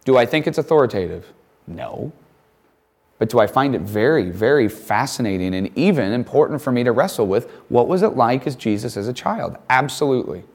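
Animated man teaching a Bible lesson. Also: medium pitch, a little fast. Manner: animated, acts out quoted lines in character voices. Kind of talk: classroom Bible lesson with text reading.

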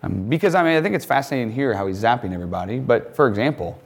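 Male Bible teacher, lively pitch, animated classroom delivery, acts out quotes. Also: very fast, breathy edge. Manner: animated, acts out quoted lines in character voices. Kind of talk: classroom Bible lesson with text reading.

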